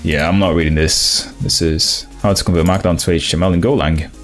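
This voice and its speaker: A young man with a very low voice talks his way through a coding stream, thinking aloud and often restarting his sentences. Faint music plays behind him. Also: steady tone. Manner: thinks aloud, halting restarts, laughs along with chat. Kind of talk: casual live-coding stream.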